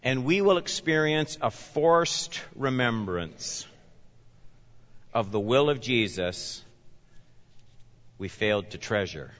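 A man from Canada preaching a sermon as a pastor, swinging between loud urgent emphasis and quiet asides. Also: mid-range voice, expressive, slow, long pauses. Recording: dull sound with long reverb in a large hall.

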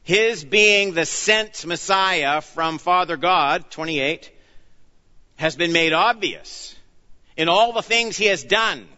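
A man preaching a verse-by-verse sermon with a bright, forceful voice pitched a little high. He is earnest and emphatic, sinking low and quiet on the phrases he wants to land. The sound is dull, with a long church reverb. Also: lively intonation, slow pace. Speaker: pastor. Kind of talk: expository sermon.

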